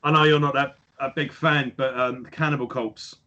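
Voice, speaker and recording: A man with a bright, forceful voice co-hosts a relaxed music podcast. He tells stories with lively energy and drops swear words freely. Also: medium pitch, normal speed, dull audio. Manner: animated storyteller who swears freely. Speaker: podcast co-host. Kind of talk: casual chat about music.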